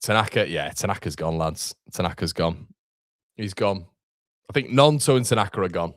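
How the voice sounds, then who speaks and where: A young man hosting a live football watchalong, excitable and sweary, chatting to his viewers. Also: deep voice, moderate pace, no echo, studio quality. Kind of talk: live match reaction.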